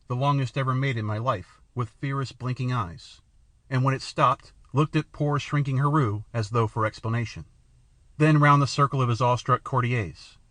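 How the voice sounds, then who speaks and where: A man narrating an adventure novel in a measured, even storytelling manner. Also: medium pitch, no room sound. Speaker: audiobook narrator.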